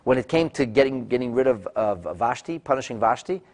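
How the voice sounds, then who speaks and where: A man teaching a text-study lecture, animated and full of restarts, acting out quoted speakers with sudden loud bursts. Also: mid-range voice, fairly quick. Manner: frequent restarts and repeated words. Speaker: Torah teacher.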